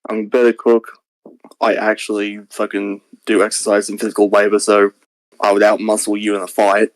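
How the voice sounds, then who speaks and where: A man's voice: on the low side, completely flat delivery, brisk, no room sound, low-quality recording. A man bantering on a stream, blunt and crude as he trash-talks his friend.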